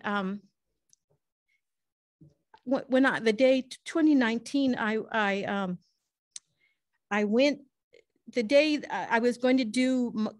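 A woman lecturer answering audience questions, speaking earnestly with frequent restarts and quick laughs. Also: a little high, no room sound, studio quality. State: tearful at times. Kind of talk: lecture Q&A, personal storytelling. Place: library lecture room.

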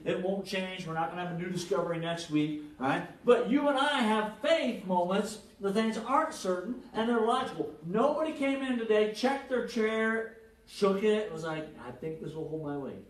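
A pastor preaching a conversational sermon, animated and joking, checking in with the congregation with frequent "right?". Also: male voice, high-pitched. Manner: animated, jokes and acted-out quotes. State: jet lagged. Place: church hall with congregation. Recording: echoey hall, mic at a distance.

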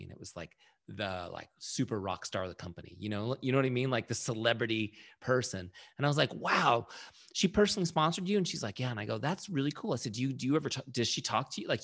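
A man's voice: on the low side, gravelly. A man leading a casual sales training session, telling a story and acting out quoted lines in a conversational way.

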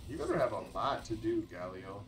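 A man's voice: on the low side, big pitch swings, fairly quick, background noise. A man from Colorado giving casual, laid-back commentary over his own gameplay, calling people "dude" and "bro" as a channel host. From Colorado, United States.

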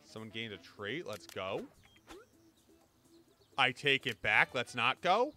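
A man's voice: medium pitch, lively intonation, takes it slowly, sharp tone, faint music behind. A man in his twenties chatting casually over gameplay, rambling through jokey anecdotes. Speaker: gaming YouTuber. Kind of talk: casual gameplay commentary and storytelling.

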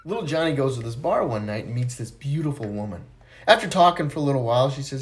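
A man's voice: medium pitch, very animated, fast. A man telling dirty jokes, acting out the voices as a playful storyteller. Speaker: joke teller.

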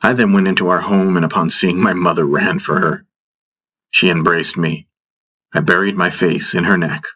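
A man narrating a fantasy audiobook in the first person, in a measured storytelling manner. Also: low-pitched, steady tone, sharp tone.

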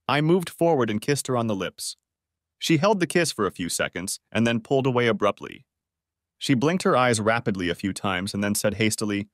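A man narrating a dramatic first-person story in an expressive way, close to the mic. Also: on the low side, a little fast, dry recording.

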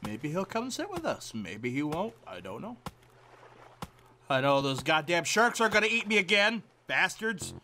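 Lively, high-voiced man mumbling through gameplay. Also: measured pace, a little hiss or hum. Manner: mumbling fillers, muttering to himself, bursts of silly singing. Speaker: gameplay commentator. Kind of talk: casual let's-play commentary.

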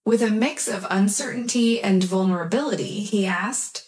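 A woman reading a romance story aloud in a soft, even storytelling manner, as scripted narration for English learners. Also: mid-range voice, normal speed.

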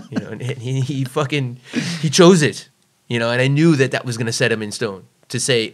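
A man's voice: medium pitch, moderate pace. An American man, a former navy serviceman, telling blunt, profane stories as a podcast guest, acting out what people said. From United States. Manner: blunt, profane, emphatic, acts out quoted voices. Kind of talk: casual storytelling in a podcast interview.

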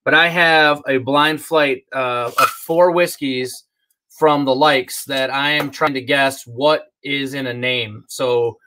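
A man's voice: mid-range voice, fairly even intonation, slow, noisy background. A middle-aged man hosting a live stream, chatting casually, joking and reading out viewer comments. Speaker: host.

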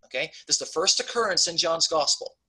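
Man, bright tone, slightly raised pitch, conversational Bible teacher, emphatic. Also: fast, husky, rough recording. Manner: conversational, repeatedly checks in with "okay?"; emphatic on key points, frequent restarts. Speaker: pastor teaching a Bible study.

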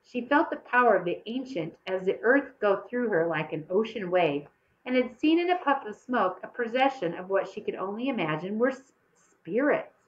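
A woman's voice: normal speed, muffled recording, slight background noise. A woman reading a children's story aloud, changing her voice to act out the young characters. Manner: expressive, shifts pitch to act out children's voices. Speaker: audiobook reader. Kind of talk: storybook narration.

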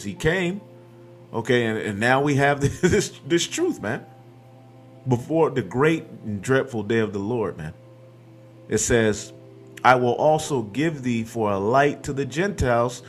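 This preacher speaks at a medium pitch as he reads and quotes scripture during his sermon. He caps his points with "man" and "okay," while a faint trace of music sits behind him.

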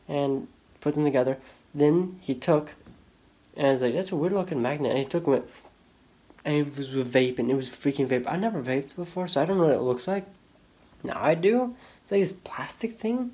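A man's voice: fairly high pitch, expressive, normal speed, warm tone, poor audio. Rambling, complaining man vlogging on his phone. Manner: rambling, complaining, frequent fillers. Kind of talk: casual vlog monologue. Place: rented house and nearby streets. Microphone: phone held by the speaker.

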